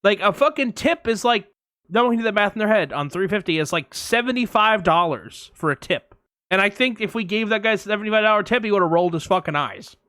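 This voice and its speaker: A man co-hosting a podcast, telling anecdotes in a casual, animated way and acting out voices and sounds. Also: sits high, a little fast, no echo, clean studio sound. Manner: animated storyteller, acts out voices and sirens. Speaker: podcast co-host. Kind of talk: casual storytelling chat.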